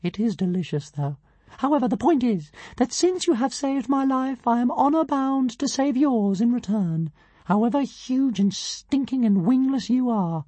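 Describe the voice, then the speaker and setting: A woman voicing a tiny, arrogant male dragon who thinks he is a god, with a squeaky, grand and scornful voice. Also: lively intonation, moderate pace, mellow, no room sound. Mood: pompous. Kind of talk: audiobook character voice.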